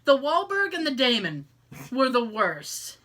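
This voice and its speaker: A woman's voice: high voice, huge pitch swings, a little slow, background noise. A woman with a Boston accent co-hosting a podcast in casual chat, swearing freely, laughing a lot and putting on mock voices. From Boston area. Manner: profane, laughs often, mock voices in quotes. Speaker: podcast co-host.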